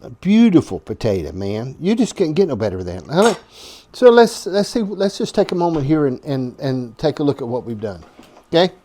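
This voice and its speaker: A man with a fairly high, mellow voice hosts a casual home cooking vlog. He rambles in a folksy way and drops chuckling asides. His delivery swings widely in pitch. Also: sing-song, brisk. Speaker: home cooking show host.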